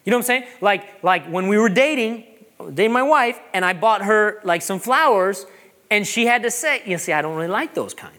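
A man, a pastor preaching a sermon, animated and joking, repeating phrases for emphasis. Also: high voice, a little fast.

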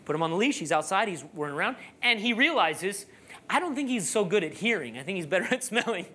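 A preacher with a husky, mid-range voice tells a lively personal story at a quick pace during a sermon. He then builds to emphatic preaching with his voice raised.

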